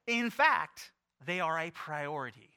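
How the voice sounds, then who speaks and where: Animated, bright-voiced male pastor. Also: on the high side, takes it slowly, clear, resonant tone. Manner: animated, playful, acts out quotes. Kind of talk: sermon.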